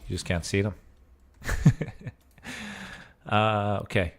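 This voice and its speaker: A man's voice: on the low side, steady tone, slow, a little hiss or hum. A man giving casual gameplay commentary as a streamer, in a goofy mood with joking asides. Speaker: gaming streamer.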